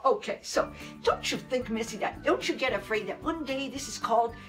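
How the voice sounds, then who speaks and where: This is a woman's voice, pitched a little high, delivering a casual vlog commentary. Her tone is sarcastic and mocking, and she often repeats phrases as she moves from point to point. Faint music plays in the background. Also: fairly bright tone, rough recording. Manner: sarcastic, mocking, addressing the subject directly; repetitive, keeps saying "fast forward" and "move on". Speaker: vlogger.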